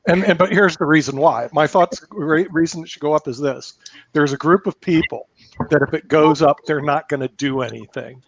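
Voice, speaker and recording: Panel guest guy, retirement advisor, makes his case hard, slightly high voice, muffled lo-fi sound. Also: moderate pace, gravelly. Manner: emphatic, argues with examples. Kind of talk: panel debate.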